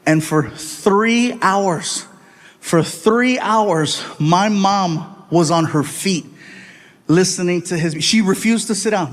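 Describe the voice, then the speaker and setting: A man performing stand-up comedy on a live stage, animated and chatty, ribbing the audience. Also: high voice, slow pace.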